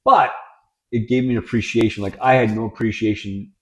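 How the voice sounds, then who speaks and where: A middle-aged man co-hosting a podcast, telling family stories in a blunt, animated, no-nonsense way. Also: on the low side, fairly quick. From Italian family. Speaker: podcast co-host. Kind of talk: casual chat.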